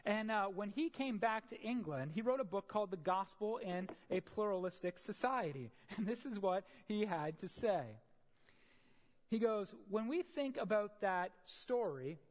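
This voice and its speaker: A preacher tells a parable and then explains it in a sermon. The delivery is emphatic and animated, with a lively pitch and frequent "right?" asides. A long reverb trails through the hall. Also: a little slow. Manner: storytelling, emphatic, often adds "right?".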